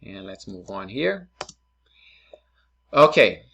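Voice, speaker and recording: A man's voice: deep voice, very animated, slow, vocal fry, bright, forceful tone, husky, highs cut off. A man teaching a recorded Spanish lesson, explaining step by step and often checking in with his students. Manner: patient, explains step by step, checks in with "right?" and "okay?".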